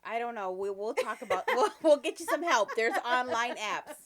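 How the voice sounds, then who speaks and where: Woman, 30s, podcast co-host: fairly high voice, teasing banter. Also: sing-song, moderate pace, crowd noise. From Springfield, Massachusetts. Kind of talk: casual chat.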